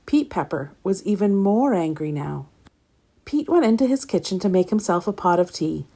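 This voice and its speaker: Woman reading a children's story. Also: lowish voice. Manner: gentle, expressive reading aloud.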